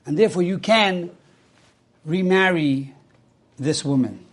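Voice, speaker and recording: An older mother patiently explains a long-kept family secret to her grown son, as a man retells her words. The voice stays fairly high and plain, with no real put-on quality. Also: a little slow. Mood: explaining.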